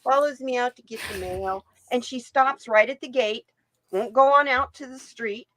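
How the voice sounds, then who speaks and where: A woman's voice: a little high, moderate pace, a little hiss or hum, rough recording. An older woman hosting a live stream, chatting casually and acting out voices in her stories. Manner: animated storyteller, acts out voices in her anecdotes. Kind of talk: casual chat.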